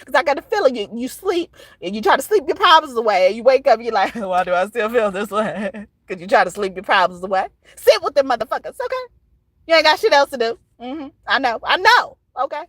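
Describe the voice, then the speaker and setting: A woman's voice: sits high, very animated, fast, fairly bright tone, no room sound. A woman giving a casual tarot reading. She talks bluntly, swears freely, laughs often and ends most lines with "okay?". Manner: blunt and profane, tags most phrases with "okay?"; laughs often between points. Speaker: tarot reader.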